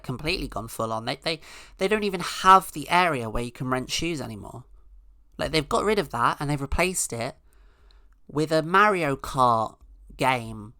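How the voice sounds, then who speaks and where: Sarcastic woman with a bright voice. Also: rumbling low, dry recording, studio quality. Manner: sarcastic, rambling, mock-outraged asides. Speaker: podcast host. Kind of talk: casual comedic monologue.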